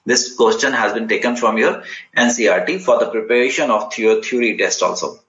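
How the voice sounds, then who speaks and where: A man's voice: medium pitch, a little fast, a bit bright. A man with an Indian English accent teaching a chemistry class, explaining terms patiently, repeating key words and checking in with students. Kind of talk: classroom lecture. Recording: roomy, slightly dull recording.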